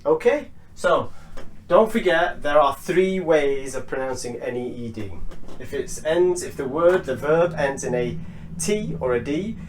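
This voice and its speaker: A male English teacher takes a slow, unhurried pace through a pronunciation lesson and repeats each word for practice. His voice sounds set back from the mic in a roomy space, with noticeable echo. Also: fairly high pitch, animated, far from the mic, a little hiss or hum.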